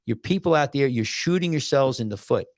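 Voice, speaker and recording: A man with a gravelly, creaky voice hosts a casual podcast. He rambles, restarts and repeats his words, and slips into animated voices when he tells a story. The sound is dry and close, with no room around it. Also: medium pitch, brisk, dry recording. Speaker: podcast host and doctor.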